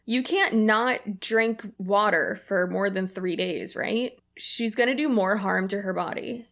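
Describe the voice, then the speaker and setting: A woman's voice: medium pitch, unhurried, hardly any pauses, a bit bright. Chatty young woman giving commentary. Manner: chatty, lots of "like" fillers, emotional. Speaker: commentary YouTuber. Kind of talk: casual commentary.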